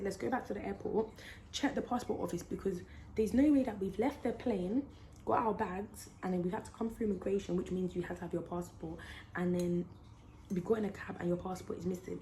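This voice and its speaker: A young woman telling a story on her vlog, slangy and animated, acting out the quotes. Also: fairly low pitch, slight background noise. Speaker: YouTuber.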